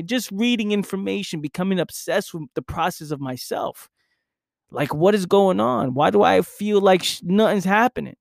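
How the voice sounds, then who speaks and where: A man's voice: sits high, moderate pace, gravelly, no room sound, clean studio sound. A young man speaking in an intense motivational monologue, acting out his own past inner voice.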